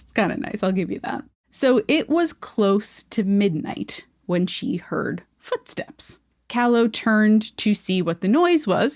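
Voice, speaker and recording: A woman's voice: medium pitch, no room sound, clean studio sound. A woman podcast host retelling a folktale in playful, joking casual chat.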